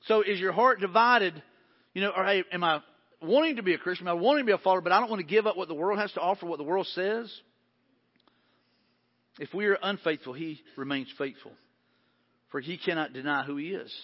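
Man, pastor, high voice, earnest sermon, hushed to emphatic, long church reverb. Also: fast. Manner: earnest, builds to emphatic peaks then drops to hushed tones. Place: church sanctuary. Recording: dull sound with long hall reverb.

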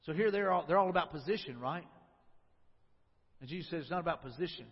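A man's voice: fairly high pitch, expressive, quick pace, pauses often, breathy edge. A man preaching a sermon as a pastor, talking to the congregation in a conversational way and asking them questions. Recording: lo-fi recording with long hall reverb.

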